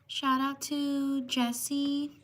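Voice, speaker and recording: A woman hosting a livestream, reading out viewers' names slowly and apologizing when she might have mispronounced them. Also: sits high, little pitch movement. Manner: slow, apologetic, drawn-out shout-outs. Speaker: livestream host. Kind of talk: livestream shout-outs.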